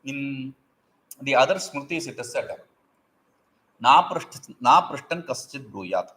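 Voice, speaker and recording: A man teaching a Sanskrit text, reciting verses aloud and explaining them line by line with many pauses and fillers. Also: sing-song, low-quality recording. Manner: recites verses loudly, then explains in a lower voice; frequent fillers and self-corrections.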